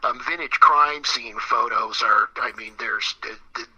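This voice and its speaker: A man interviewed as a musician guest, talking casually in a rambling, halting way, repeating words and getting emphatic. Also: mid-range voice, sharp tone, slightly rough, poor audio. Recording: radio broadcast.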